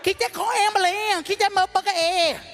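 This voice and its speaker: A man voicing a rowdy grown man who shouts loud, garbled, excited words. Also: extremely high pitch, a little fast, gravelly, voice pushed up, exaggerated voice.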